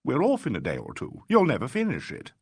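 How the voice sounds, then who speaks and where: A man's voice: medium pitch, wildly swooping pitch, brisk, slightly rough, no echo, voice pushed up. A man voicing a melodramatic, self-pitying actor in a mystery audiobook, sighing and affected. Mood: wistful.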